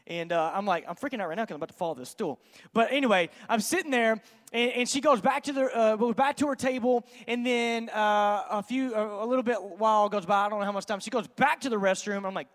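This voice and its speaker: A man, a pastor telling an animated, joking story to his congregation during a sermon. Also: sits high, quick pace, in a large hall. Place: church sanctuary.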